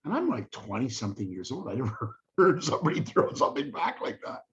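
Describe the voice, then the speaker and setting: A man's voice: mid-range voice, brisk. An older man telling real estate stories in a casual monologue, acting out the people he quotes. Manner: animated, acts out quoted voices. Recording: dull lo-fi audio.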